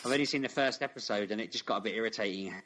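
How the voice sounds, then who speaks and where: A man co-hosting a casual podcast chat about shows, chatty and quick to laugh. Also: on the low side, a bit bright, a little hiss or hum. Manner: chatty, laughs easily, plain-spoken. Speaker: podcast co-host.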